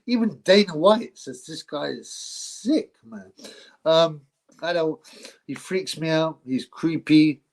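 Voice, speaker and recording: A man's voice: a little high, takes it slowly, creaky, a little mellow, low-quality recording. A man hosting a live boxing stream, chatting casually, rambling, laughing often and thanking his viewers.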